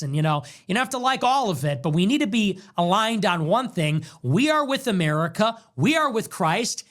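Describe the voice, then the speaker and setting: A man's voice: sits high, a bit bright. A man hosting a livestream, ranting emphatically with heavy repetition, his voice strained after hours on air. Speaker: livestream host. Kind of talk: heated livestream monologue.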